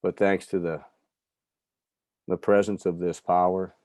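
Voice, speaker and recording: A middle-aged man from New York giving a candid personal recovery talk, telling stories with soft asides. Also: low-pitched, flat delivery, unhurried, no echo. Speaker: recovery speaker.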